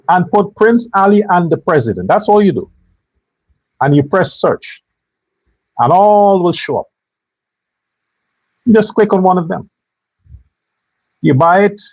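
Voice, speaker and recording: A man delivers a political monologue as a show host, blunt, foul-mouthed and openly angry. His voice is pitched high for a man and has a husky grain. He hammers his points home by saying them again and again. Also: rough recording. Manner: angry, blunt and profane, hammering phrases by repetition.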